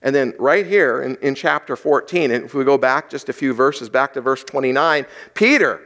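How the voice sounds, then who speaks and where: A pastor delivering a sermon in a conversational way, asking the congregation rhetorical questions. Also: male voice, medium pitch, normal speed, few pauses, a bit bright.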